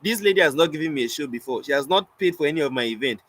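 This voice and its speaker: Lively Nigerian man telling stories. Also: fairly high pitch, racing, low-quality recording. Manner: animated, acts out both sides of anecdotes, mixes in pidgin. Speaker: spoken word poet teaching a masterclass. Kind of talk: casual teaching with storytelling.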